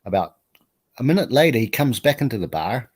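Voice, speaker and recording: A man's voice: medium pitch, big pitch swings, fairly quick, breathy edge. A man hosting a live stream, chatting casually in a rambling, self-deprecating way and laughing often. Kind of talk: casual chat.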